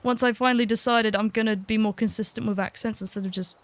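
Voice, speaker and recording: A woman giving casual, chatty let's-play commentary, self-deprecating and quick to giggle. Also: fairly high pitch, fairly even intonation. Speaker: gaming video creator.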